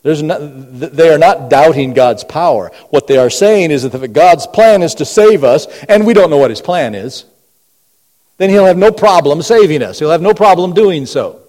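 Pastor guy preaching in a church, mellow dark voice, long echo off the walls, goes from loud to real quiet. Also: lively intonation, normal speed. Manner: preaching with rhetorical questions, swinging between booming and hushed. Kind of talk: sermon. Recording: long hall reverb.

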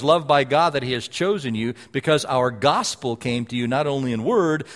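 Emphatic preacher in a reverberant hall. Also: male voice, fairly high pitch. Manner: repetitive emphatic phrasing, swings between loud and hushed. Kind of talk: sermon with scripture reading.

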